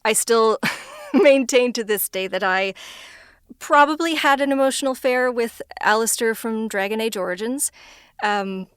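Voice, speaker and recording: A woman's voice: normal speed, a bit bright, clean tone, no room sound, clean studio sound. A woman voice actor chatting in an interview, talking freely and laughing often between thoughts. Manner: self-described higher-pitched voice. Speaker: voice actor guest. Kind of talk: casual interview chat.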